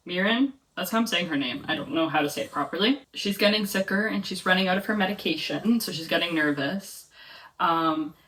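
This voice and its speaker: A woman's voice: low-pitched, a bit bright. A young woman chatting casually in a reading vlog at home, rambling with lots of filler words. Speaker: book vlogger. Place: home, reading in bed or on couch. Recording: voice a bit far from the mic.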